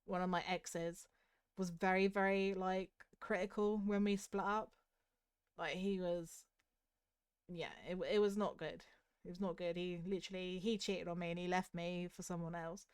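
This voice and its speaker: A young woman from the south of the UK with a Southern English accent, chatting openly with her stream viewers in a soft, candid, self-critical way with hesitant restarts. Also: fairly low pitch, little pitch movement, moderate pace, smooth, dry recording, clean studio sound. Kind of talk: casual chat with stream viewers.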